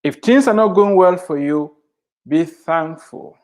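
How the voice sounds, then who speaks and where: A man's voice: sits high, expressive. A middle-aged man giving a devotional sermon, speaking emphatically and repeating scripture lines for emphasis. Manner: slow, emphatic preaching with drawn-out phrases. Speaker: Christian author and speaker.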